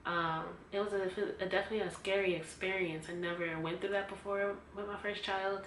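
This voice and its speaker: A woman's voice: mid-range voice, brisk. A woman vlogger tells her own story straight to camera, bringing each remembered voice to life as she goes. Her tone is emotional, at moments close to tears. The room is echoey, with a faint hiss of background noise. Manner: animated storytelling, acting out quotes. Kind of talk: personal storytime vlog.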